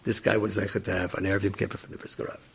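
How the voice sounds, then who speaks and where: A rabbi telling a story dramatically, acting out the characters. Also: male voice, deep voice, flat delivery, rapid-fire, gravelly, breathy edge. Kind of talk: animated storytelling.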